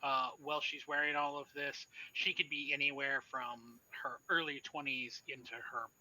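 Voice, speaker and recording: A man narrating as game master of a tabletop horror game, relaxed and descriptive with frequent hesitations. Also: mid-range voice, moderate pace, poor audio.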